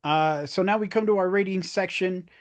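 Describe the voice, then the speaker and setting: A man's voice: sits high, moderate pace. A man hosting a wrestling review podcast, agreeable and steering the talk through its segments. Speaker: podcast host. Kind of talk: casual wrestling review chat.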